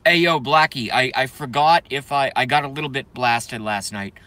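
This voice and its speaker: Bright-voiced man rambling on a live stream. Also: mid-range voice, moderate pace, no echo. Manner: rambling, joking, reads chat aloud. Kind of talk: casual live-stream chat.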